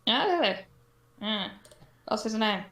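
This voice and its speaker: A woman's voice: on the high side, expressive, slow, a bit bright. A woman playing a tabletop game who talks casually and playfully, coaxing other characters while in role. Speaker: player. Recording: echoey room.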